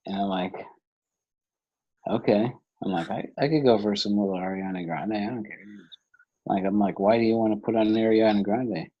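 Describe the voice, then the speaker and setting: A man's voice: lowish voice, fairly even intonation, normal speed. A man co-hosting a casual comedy chat, telling a family story in a laid-back way with chuckles. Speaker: podcast co-host. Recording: dull lo-fi sound.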